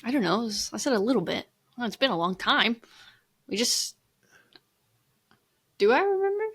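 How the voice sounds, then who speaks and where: Bright-voiced woman, playful banter. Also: fairly high pitch, very animated, moderate pace, slightly rough. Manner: playful, teasing interjections. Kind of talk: casual chat.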